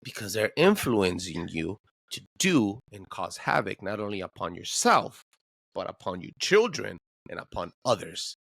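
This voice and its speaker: A man's voice: lowish voice, very animated, normal speed, vocal fry, fairly bright tone, no room sound. A man speaking as a podcast guest in casual chat, emphatic and preachy, with plenty of slang.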